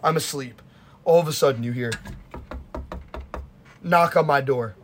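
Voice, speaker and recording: A young man hosting a casual podcast, telling stories with lively acted-out quotes and plenty of swearing. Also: on the high side, unhurried, slight background noise. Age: young adult. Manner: animated storytelling, acts out quotes, swears freely. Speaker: podcast host. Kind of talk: casual chat.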